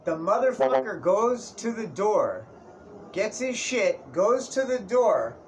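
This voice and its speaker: A young man with a somewhat high voice tells a rambling comic story, swearing freely and calling his listener dude and bro. A faint hiss of room noise sits under him. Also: very animated, takes it slowly, a little mellow. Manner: profane, slangy, keeps saying dude and bro. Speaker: vlogger. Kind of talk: casual comedic storytelling. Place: indoors, Tijuana area.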